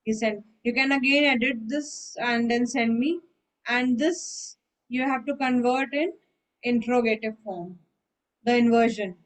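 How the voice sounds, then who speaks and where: A woman teaches a French lesson online, talking at an unhurried pace in a voice pitched a little high. She explains step by step and keeps checking that her student has followed. Her tone is patient and steady. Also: poor audio. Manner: patient, repeats and checks understanding. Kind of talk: online one-on-one language lesson.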